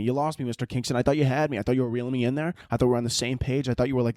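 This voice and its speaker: Young male podcast host, rapid, rambling, profane comic chatter, dry close sound. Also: mid-range voice, darkish tone, no echo, faint music behind. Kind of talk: casual comedic monologue.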